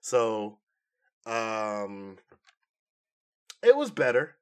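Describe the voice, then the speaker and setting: A man's voice: fairly low pitch, extremely slow, clear, resonant tone. A male co-host of a pop-culture podcast, chatting casually and animatedly and laughing often. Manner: animated, laughs a lot, acts out quotes in silly voices.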